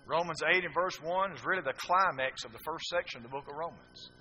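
Bright, emphatic male preacher on lo-fi tape. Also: fairly high pitch, a little hiss or hum. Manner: emphatic, swinging from loud declarations to hushed drawn-out phrases. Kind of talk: sermon. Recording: dull lo-fi sermon recording.

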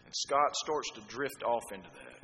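A middle-aged man preaching a sermon, swinging from quiet explanation to loud, emphatic appeals. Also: medium pitch, very animated, normal speed. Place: church hall. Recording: long hall reverb.

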